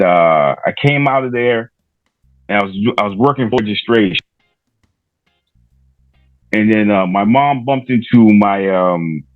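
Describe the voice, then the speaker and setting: A man's voice: fairly low pitch, dry recording, phone-quality sound. A middle-aged man from Rhode Island, a podcaster guest telling stories casually and loosely, with many fillers and restarts. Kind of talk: casual interview storytelling.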